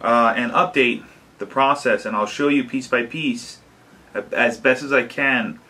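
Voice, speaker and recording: A man casually talking to his camera about a home-made prop, unhurried, with lots of fillers and restarts. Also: medium pitch, steady tone, bright, forceful tone. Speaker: DIY maker vlogger. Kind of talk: casual explanatory vlog. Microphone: camera mic.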